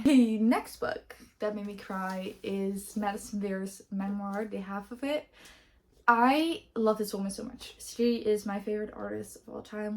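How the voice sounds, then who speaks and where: A woman's voice: medium pitch, darkish tone. A woman book vlogger chatting casually to camera, gushing, with frequent fillers and restarts.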